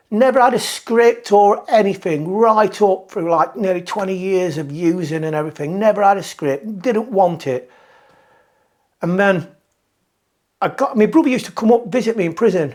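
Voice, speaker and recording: Candid British man recalling hard years. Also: high voice. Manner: candid, reflective, halting with restarts. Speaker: guest telling his recovery story. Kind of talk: personal testimony.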